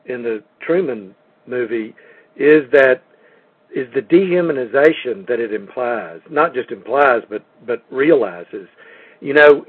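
A man in casual conversation who speaks slowly and thoughtfully, repeating words as he searches for them. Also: medium pitch, husky, no echo. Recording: phone-line audio, dry.

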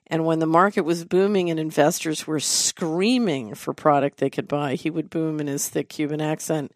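A middle-aged woman hosting a talk show, delivering a measured, deliberate commentary monologue. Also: low-pitched, steady tone, a little mellow, no echo, studio quality. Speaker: host.

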